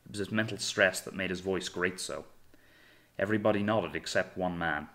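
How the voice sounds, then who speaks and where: A man reading a novel aloud in measured, dramatic storytelling narration. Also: low-pitched, bright, forceful tone. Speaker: audiobook narrator. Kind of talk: scripted narration.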